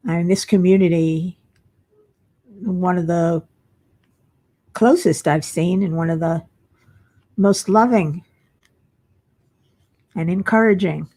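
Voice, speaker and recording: She talks slowly with long pauses, her voice lowish and a little mellow. Tired and yawning, the woman hosts a laid-back crafting stream, chatting and reading viewer comments out loud as she works.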